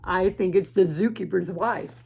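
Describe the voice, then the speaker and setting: A woman teacher reading a picture book aloud to children in a gentle way, pausing to ask the listener questions. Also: fairly low pitch, vocal fry, slight background noise. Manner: gentle, asks the listener questions, laughs often.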